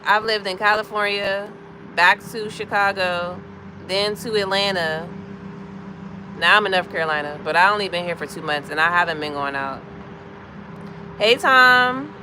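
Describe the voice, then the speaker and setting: A woman in her thirties with a bright, forward American voice, chatting with her livestream audience and calling out viewers by name. Her tone is easygoing and talkative. Faint city traffic hums behind her, as if she is outside near a car. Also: medium pitch. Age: 30s. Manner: chatty, greets viewers by name, drifts between comments. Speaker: livestream host. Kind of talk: casual live chat with viewers.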